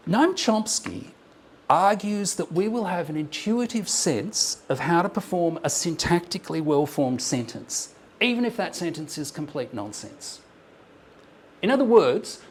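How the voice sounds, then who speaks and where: A man's voice: fairly high pitch, a little hiss or hum. Man giving an academic paper talk. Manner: thoughtful, explanatory, with frequent ums and restarts. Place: lecture room with slides on a screen.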